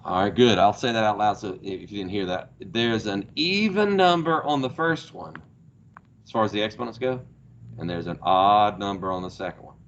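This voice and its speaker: A man's voice: fairly low pitch, moderate pace, a bit bright, highs cut off, slight background noise. A male math teacher, lecturing a class, asking questions and praising the answers. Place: classroom, heard through a small speaker.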